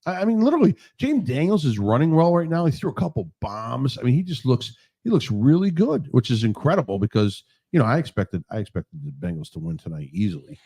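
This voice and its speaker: Animated man riffing on a podcast. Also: brisk, few pauses, breathy edge. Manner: animated, jumps pitch when incredulous. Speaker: podcast co-host. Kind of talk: casual political and sports banter.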